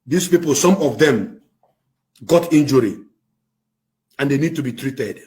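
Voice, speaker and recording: This Nigerian-accented activist addresses the camera in an expressive, unhurried way, yet his rant is fiery and impassioned, alternating between shouting and low, intense passages.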